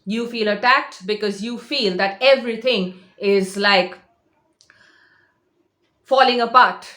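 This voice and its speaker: A woman's voice: medium pitch, slow pace, pushed and bright. Insistent woman coach, echoey room. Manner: insistent, repeats herself, emphatic. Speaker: manifestation coach. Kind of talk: direct-to-camera motivational talk.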